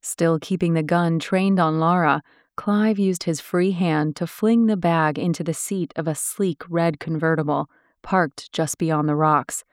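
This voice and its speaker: A woman reading an audiobook in steady, descriptive scripted narration. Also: deep voice, measured pace, dry recording, clean studio sound.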